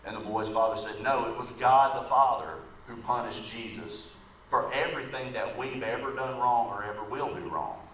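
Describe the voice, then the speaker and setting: A man's voice: mid-range voice, normal speed, fairly bright tone. A man preaching a sermon in a church, telling an illustrative story in a conversational way and often checking in with the congregation with "right?". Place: church sanctuary. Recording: echoey room from far off, faint background noise.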